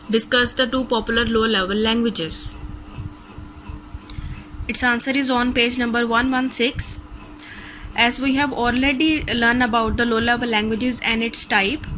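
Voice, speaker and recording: A woman's voice: a little high, fairly bright tone, slight background noise, low-quality recording. A woman teacher with a Pakistani accent, reading a recorded class lecture steadily from textbook notes.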